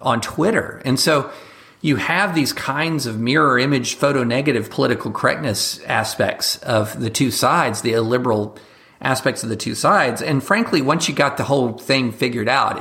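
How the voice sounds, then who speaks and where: Animated man talking politics as a guest. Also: mid-range voice. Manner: quick, animated talk with mock voices for examples. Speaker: guest commentator and journalist. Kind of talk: casual conversational interview.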